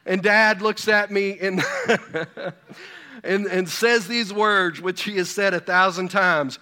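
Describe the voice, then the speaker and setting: A man's voice: high-pitched, fairly even intonation, slow pace, bright, forceful tone, smooth. A pastor in his fifties preaching a sermon, full of rhetorical questions and personal stories. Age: 50s.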